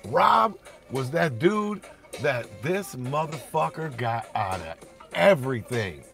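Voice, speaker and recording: A man, telling rough street stories in a profane, animated way, laughing often. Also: mid-range voice, slow, soft background music. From Detroit, Michigan. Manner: profane, animated storyteller who laughs often and acts out shouts. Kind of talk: casual storytelling chat.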